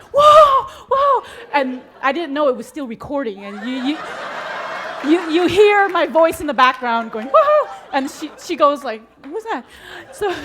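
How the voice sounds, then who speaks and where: A woman giving an inspirational talk to an audience, telling her story with frequent laughter and acting out her own excited reactions. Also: sits high. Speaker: motivational speaker.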